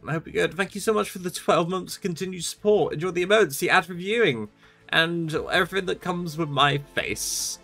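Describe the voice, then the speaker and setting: A man's voice: high-pitched, fairly quick, bright, forceful tone, soft background music. A young man streaming a game, chatting casually and a bit sleepily as he answers his chat in a rambling way. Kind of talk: casual live-stream chat while gaming.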